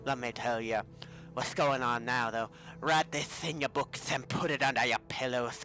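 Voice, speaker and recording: A man's voice: mid-range voice, pushed and bright, lightly acted. A man voicing a boastful heavyset male wrestler who cuts a promo in a swaggering drawl, calling everyone baby, in a tabletop role-play.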